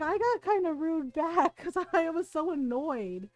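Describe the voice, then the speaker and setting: A woman from the United States telling an animated story on a livestream, swearing freely and laughing often. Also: sits high, moderate pace, dry recording, soft background music, rough recording. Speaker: streamer.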